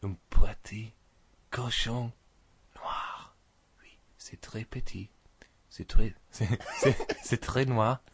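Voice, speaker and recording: A man putting on a mock-seductive French accent in a breathy half-whisper, speaking slowly for comic effect on a radio show. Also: mid-range voice, steady tone, exaggerated voice. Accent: put-on French. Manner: slow, mock-seductive, breaking into giggles. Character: sultry whispering Frenchman, hammy.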